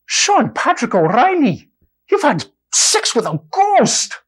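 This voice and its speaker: A man putting on an Irish accent to voice a priest in a joke, high, loud and drawn out. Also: wildly swooping pitch, slow, exaggerated voice. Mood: shocked. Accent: put-on Irish. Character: old Irish priest shouting at his congregation.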